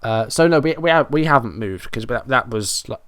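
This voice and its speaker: A man's voice: medium pitch, animated, normal speed, fairly bright tone, smooth, no echo, studio quality. A man giving running play-by-play commentary on a football management game, frustrated and self-mocking. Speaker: gaming YouTuber.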